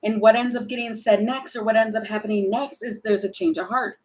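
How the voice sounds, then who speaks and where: A woman doing a casual tarot reading, thinking aloud and animated, with many fillers and restarts. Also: fairly high pitch, brisk, a little hiss or hum, poor audio. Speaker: tarot reader.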